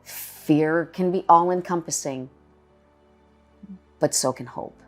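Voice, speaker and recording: A woman's voice: low voice, slow, soft background music. A middle-aged woman candidly telling her own story as a cancer patient, in a conversational personal testimony.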